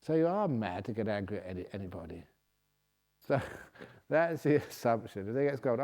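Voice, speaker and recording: A man's voice: lowish voice, big pitch swings, normal speed, pauses often, a little mellow. A man, a Buddhist monk, answering questions at a retreat with jovial, humorous stories and often laughing at his own jokes. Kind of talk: humorous dharma Q&A talk. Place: meditation retreat hall.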